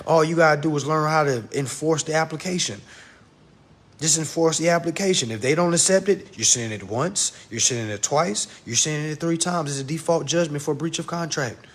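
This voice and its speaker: A man giving a casual livestream lesson, blunt and profane, talking fast and addressing his viewers directly. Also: medium pitch. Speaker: online instructor.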